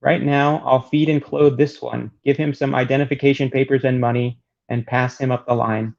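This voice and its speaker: A man reading the lines of an earnest male slave rescuer, steady and resolute. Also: mid-range voice, normal speed, creaky, close to an everyday voice. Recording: dull lo-fi recording.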